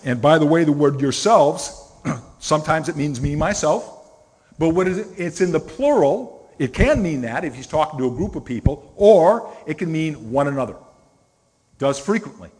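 A middle-aged pastor preaches in a conversational, storytelling manner, leaning hard on single words. His voice is slightly husky, and it rings with the long reverb of a church sanctuary. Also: a little high, animated, normal speed, a little mellow. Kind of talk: sermon.

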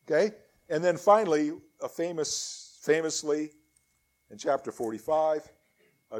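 A man's voice: a little high, expressive, a little slow. A middle-aged man preaching a sermon, reading scripture aloud with rising emphasis.

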